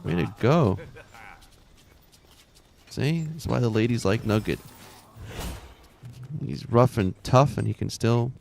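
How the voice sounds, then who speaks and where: A man's voice: medium pitch, slow, creaky, long pauses, a little mellow, a little hiss or hum. A man in his thirties chatting casually while streaming a game, rambling, laughing often and muttering to himself.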